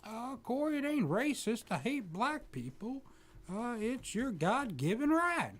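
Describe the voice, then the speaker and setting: A man putting on the voice of a prudish, bigoted older male televangelist in a comedy radio bit, talking in a high stammering drawl. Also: sing-song, a little slow, fairly bright tone, full character voice. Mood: indignant.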